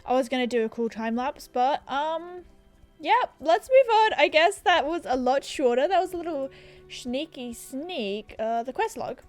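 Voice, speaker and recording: Young Australian woman, gaming commentary, chatty and self-mocking, high animated voice. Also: unhurried, faint music behind. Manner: chatty, self-deprecating, laughs often. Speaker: gaming YouTuber. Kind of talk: casual gameplay commentary. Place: apartment room. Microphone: desk microphone.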